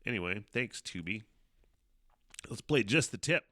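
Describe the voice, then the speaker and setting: A man's voice: lowish voice, sing-song, unhurried, pushed and bright, no echo, clean studio sound. A middle-aged man from hosting his own podcast, rambling casually and swearing a lot, with plenty of fillers. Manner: rambling and profane, with frequent fillers and laughs. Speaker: podcast host. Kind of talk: casual solo podcast monologue.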